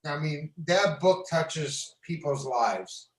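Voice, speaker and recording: A man's voice: fairly high pitch, animated, takes it slowly, poor audio. A man from Ohio, a guest in a casual discussion, speaking earnestly and with emphasis. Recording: crowd noise in background.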